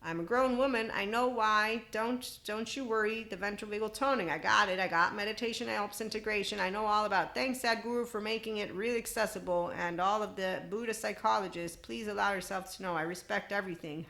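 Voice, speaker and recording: A woman's voice: medium pitch, creaky, bright, forceful tone. A woman in her forties hosting a podcast, talking alone in a loose, irreverent self-help monologue with laughing asides. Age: 40s. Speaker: podcast host.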